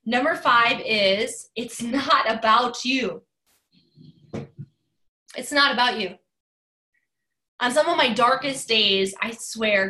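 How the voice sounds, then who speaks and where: A woman's voice: fairly high pitch, bright, forceful tone, low-quality recording. A woman in her forties giving an emphatic motivational talk, driving points home by repeating key phrases. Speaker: motivational speaker.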